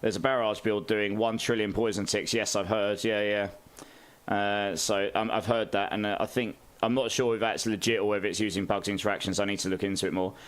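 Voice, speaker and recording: Casual male streamer, lower voice, friendly chat and frequent laughs. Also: steady tone, brisk. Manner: chatty, greets chat, laughs often. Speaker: game streamer.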